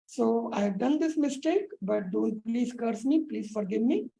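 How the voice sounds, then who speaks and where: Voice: mid-range voice, animated, measured pace, creaky, warm tone, rough recording. A woman telling a teaching story who voices a humble young village mother, pleading and apologetic.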